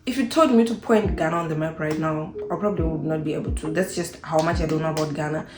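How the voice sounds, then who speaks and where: A young woman from Zimbabwe talking casually to camera in an unscripted vlog, animated and acting out the voices of people she quotes. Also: low-pitched, quick pace, roomy sound. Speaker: vlogger.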